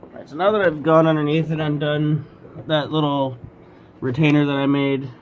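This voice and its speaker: A man's voice: on the high side, level tone, moderate pace, darkish tone, muffled recording, a little hiss or hum. A man doing a casual how-to while working on a car in a workshop, rambling and correcting himself, breathing heavily from the work, recorded alone on a set-up camera. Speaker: home mechanic demonstrating a repair. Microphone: camera set up alone with no operator.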